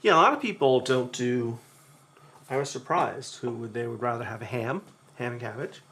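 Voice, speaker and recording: A man's voice: mid-range voice, moderate pace, a bit bright, a little hiss or hum. A man hosting a live cooking demo, talking chattily to his viewers while he cooks. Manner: chatty storyteller who talks to the chat. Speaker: cooking show host.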